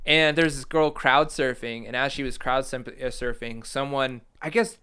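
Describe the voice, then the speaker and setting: Smooth-voiced young man telling a rambling story. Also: mid-range voice, normal speed, pushed and bright. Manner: rambling, self-mocking, laughs through his story. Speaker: storyteller guest. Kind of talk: casual storytelling chat.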